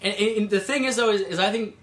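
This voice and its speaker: A man's voice: high-pitched, fast talker, fairly bright tone. A man guest on a casual podcast, rambling and swearing, with lots of "like". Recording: echoey room with faint noise.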